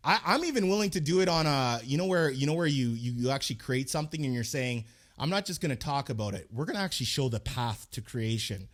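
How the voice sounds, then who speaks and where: A man hosting a podcast interview, talking in an energetic, emphatic way and often repeating himself. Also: mid-range voice, fast talker. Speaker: podcast host.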